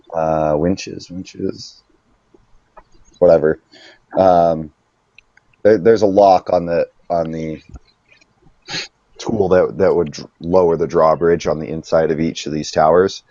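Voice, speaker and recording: A man narrating as game master of a tabletop game, halting and searching for words, laughing easily. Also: sits low, warm tone, dry recording. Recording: dull, muffled, dry sound.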